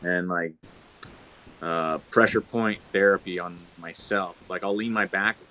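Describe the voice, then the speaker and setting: A young man hosting a podcast, telling a story in a relaxed, rambling way with lots of fillers. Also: deep voice, unhurried, a little hiss or hum. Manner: laid-back rambling with many fillers. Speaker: podcast host. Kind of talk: casual storytelling chat.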